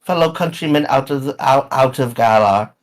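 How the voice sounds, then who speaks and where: A man's voice: medium pitch, normal speed, lightly acted, low-quality recording. A man voicing a genteel, talkative elderly woman traveler in a tabletop game. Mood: prim.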